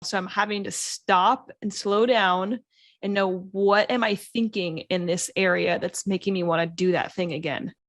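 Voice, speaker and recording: A woman's voice: mid-range voice, steady tone, moderate pace, no echo. Woman, podcast co-host, casual chat, self-deprecating, laughs often, dry close sound.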